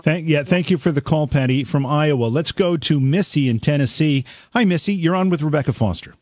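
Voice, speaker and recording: A man's voice: a little high, brisk, a little mellow, no echo. Man hosting a call-in show, dry sound. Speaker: show host.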